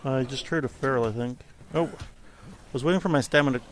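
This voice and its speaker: A man talks through his gameplay in a loose, rambling way, amused at his own slips. His voice sits at an ordinary middle pitch. There is a faint hiss under the recording. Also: fairly quick. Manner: rambling, self-amused, thinking aloud. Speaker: gameplay commentator. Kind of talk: casual let's-play commentary.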